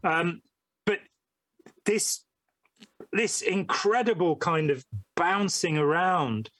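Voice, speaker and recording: A man's voice: high voice, slow, a bit bright, no room sound. A man talking casually as a podcast guest, telling stories in a rambling way with many fillers. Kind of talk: casual conversation.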